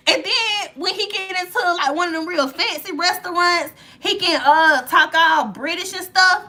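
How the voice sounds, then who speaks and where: A woman's voice: very high voice, normal speed, few pauses, pushed and bright. A woman chatting casually to her viewers on a live stream, gushing and playful, talking straight to them. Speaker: livestream host.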